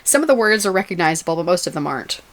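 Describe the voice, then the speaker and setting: A woman's voice: on the low side, big pitch swings, very fast, fairly bright tone. A woman co-hosting a podcast, chatting casually and often laughing as she recaps a TV episode. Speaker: podcast co-host.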